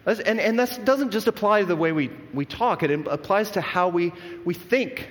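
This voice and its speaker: A man delivers a sermon in an earnest, conversational manner, often restarting his sentences. His voice sits a little higher than most men's. The sound carries the long echo of a large church hall. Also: animated, moderate pace. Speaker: pastor.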